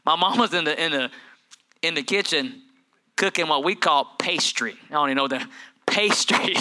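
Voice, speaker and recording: A man, a pastor preaching a sermon, telling stories and acting out family voices, moving between quiet asides and loud, building preaching. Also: fairly high pitch, moderate pace.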